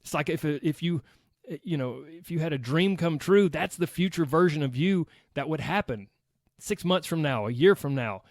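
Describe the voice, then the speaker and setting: Expressive and fairly high-pitched, the man talks at a moderate pace while hosting a solo podcast straight to his listeners in an upbeat, chatty manner. He has a Southern American accent, is from the United States, and is recorded dry at studio quality.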